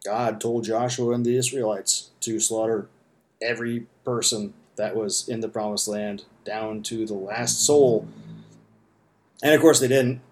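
A man's voice: on the low side, fairly even intonation, unhurried, darkish tone. A man giving casual, rambling commentary full of fillers and asides. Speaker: podcast host commenting.

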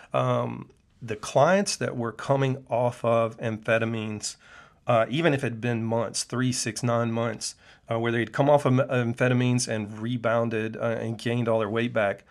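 A middle-aged man, a clinician hosting his own show, speaking in an earnest, preachy personal monologue with frequent "uh" fillers. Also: mid-range voice. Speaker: podcast host and functional medicine clinician.

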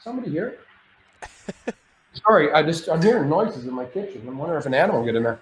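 A man spins a loud anecdote with a lot of swearing and tangents. His voice sits a bit high. The sound is roomy and echoey, as if recorded in a cottage. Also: fast, a little hiss or hum. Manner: lively, profane, rambling anecdotes. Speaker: podcast guest. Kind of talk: animated storytelling.

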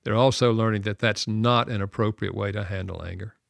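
An older man, a radio show guest, tells a personal story earnestly and reflectively, laughing softly now and then. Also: on the low side, steady tone, a little fast, gravelly, no room sound.

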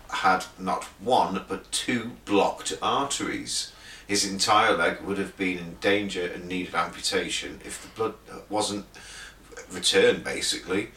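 A man's voice: low voice, bright, forceful tone. A man co-hosting a podcast, reading out news in casual chat, swearing freely and laughing often. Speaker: podcast co-host. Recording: roomy, distant mic, faint noise.

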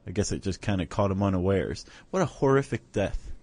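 A man's voice: low-pitched, expressive, brisk, a little mellow, no echo. A man co-hosting a podcast, explaining step by step in casual chat and often checking in with "right?". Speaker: podcast co-host.

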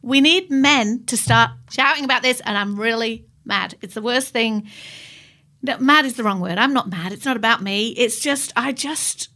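A woman's voice: on the high side, moderate pace, bright, forceful tone. A woman co-hosting a casual podcast, speaking with emphatic, impassioned conviction. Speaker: podcast co-host.

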